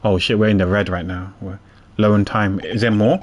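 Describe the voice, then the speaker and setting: A man's voice: lowish voice, fairly even intonation, brisk, darkish tone, slight background noise. A man giving casual gameplay commentary as a streamer, chatty with self-mocking asides. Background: faint game music.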